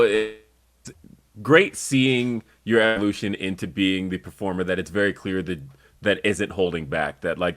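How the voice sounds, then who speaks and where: Male host, low pitch, friendly, loose interviewer delivery. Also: a bit bright. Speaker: podcast host. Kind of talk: interview questions.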